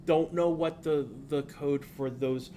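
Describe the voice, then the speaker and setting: A man's voice: fairly high pitch, steady tone, slow pace, warm tone, a little hiss or hum. A man from southern New England teaching a class, talking in a loose, rambling way that drifts off on tangents. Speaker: instructor. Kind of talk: classroom lecture.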